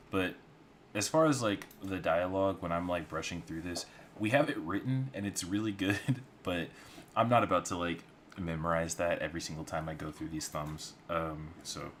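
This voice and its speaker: A man's voice: low voice, a bit bright, slight background noise. A man streaming his storyboard work, narrating in a casual, rambling way with some swearing.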